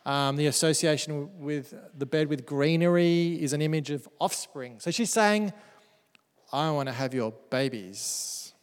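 A pastor delivers a sermon in a church hall, reading verses aloud and slipping into playful, joking asides. His voice sits on the high side, clean in tone and unhurried. The recording carries the hall's long reverb.

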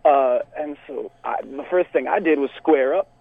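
A man's voice: mid-range voice, normal speed, vocal fry, no echo. A young man from Texas, telling a story in casual podcast chat, laughing often. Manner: animated, laughs often, many fillers. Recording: tinny phone-like sound.

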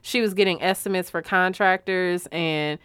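A woman's voice: lowish voice, fairly even intonation, moderate pace, fairly bright tone, smooth, no echo. A woman co-hosting a podcast, talking candidly and animatedly with casual profanity. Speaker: podcast co-host. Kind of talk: casual chat.

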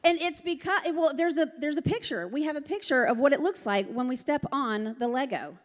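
A middle-aged woman preaching a lively, joking sermon. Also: sits high, brisk. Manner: lively, joking, laughs often. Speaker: pastor. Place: large church hall. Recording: long hall reverb.

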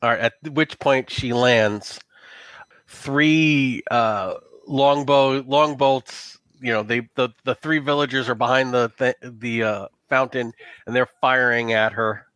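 A man running a tabletop game as game master, narrating in a loose, halting way with many restarts. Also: mid-range voice, fairly even intonation, fairly bright tone, no room sound.

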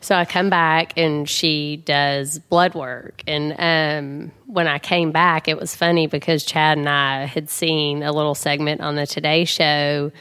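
A woman's voice: low-pitched, level tone, a little slow, few pauses, a bit bright, smooth. A woman, chatting as an interview guest and telling a personal story with lots of fillers.

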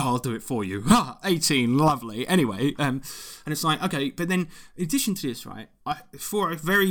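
A man's voice: medium pitch, fairly bright tone. A man, ranting animatedly and swearing often in a casual chat. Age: 20s.

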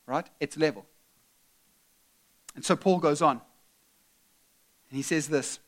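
A man preaching a sermon as pastor, earnest and emphatic, at times dropping to a soft, tender delivery. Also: a little high, moderate pace, pauses often.

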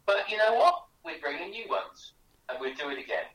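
A man's voice: sits high, very animated, fairly quick, roomy sound, distant mic, a crowd in the background, rough recording. A man, a guest author on a radio interview, telling chatty anecdotes with many restarts. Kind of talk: animated storytelling in a radio interview.

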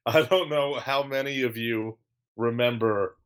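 A man's voice: mid-range voice, a little slow, smooth. A man hosting a casual podcast, joking around and spinning mock-spooky stories. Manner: playful, spins a mock-spooky tale. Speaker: podcast host.

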